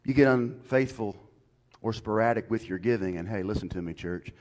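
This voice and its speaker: A man preaching a sermon to his church, swinging from loud calls to soft whispers. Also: on the low side, brisk. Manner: folksy, swings from shouted to whispered. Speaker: pastor.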